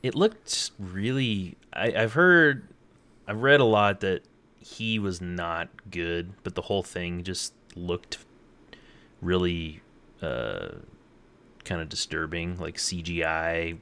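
A young man with a deep yet bright, forward voice chats casually on a podcast. He rambles and hesitates, often trailing off mid-thought. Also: takes it slowly, clear, resonant tone. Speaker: podcast co-host. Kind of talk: casual chat.

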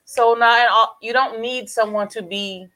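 A woman's voice: fairly high pitch, fairly even intonation, measured pace, sharp tone, rough recording. A woman co-hosting a casual podcast, laid-back and amused in her replies. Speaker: podcast co-host.

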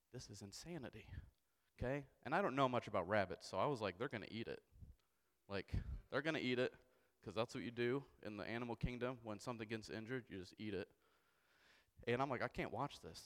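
A young man preaching a sermon, telling a comic story with animated, self-mocking delivery and frequent asides of "okay?". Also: on the low side. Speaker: pastor. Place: church sanctuary. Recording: long church hall reverb.

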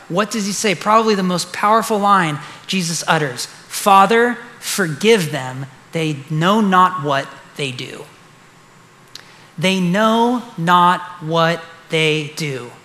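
Here a man preaches as a pastor, his voice high and sharp in tone. He is emphatic and sincere, and he repeats important phrases for emphasis while the big hall's long reverb rings around him.

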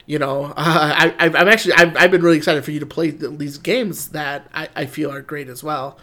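Enthusiastic man, slightly high voice. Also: steady tone, brisk, pushed and bright. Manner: enthusiastic, rambling with restarts. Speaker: podcast co-host. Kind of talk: casual chat about video games.

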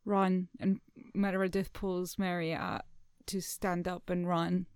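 A woman playing in a tabletop game, asking quick, practical questions. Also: lowish voice, flat delivery, a little mellow, smooth, no room sound, studio quality. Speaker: player.

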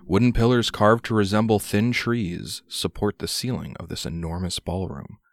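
A man's voice: fairly low pitch, steady tone, normal speed, creaky, no echo, studio quality. A man narrating as game master, reading room descriptions with frequent "uh" hesitations.

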